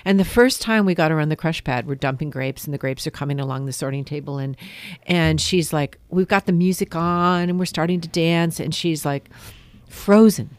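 A woman's voice: deep voice, moderate pace, no echo. A woman winemaker, a guest on a casual radio interview, chatting and telling stories with easy laughter. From California. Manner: chatty, laughs easily, storytelling.

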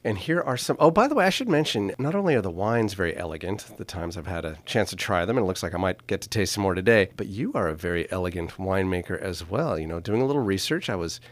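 A man's voice: sits low, expressive, fast talker, few pauses, no echo. A man hosting a casual radio interview, playful and teasing, often laughing with his guest. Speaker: radio show host.

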